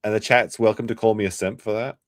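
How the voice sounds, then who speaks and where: A man's voice: on the low side, steady tone, fast, no room sound, studio quality. A man hosting a late-night stream, reacting to a clip with offhand joking commentary. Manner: joking, offhand, muttering asides.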